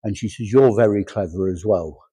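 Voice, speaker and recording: A man's voice: fairly low pitch, normal speed, warm tone, breathy edge. A man, working as a medium at a church service, relaying spirit messages with chatty humor and quoted voices.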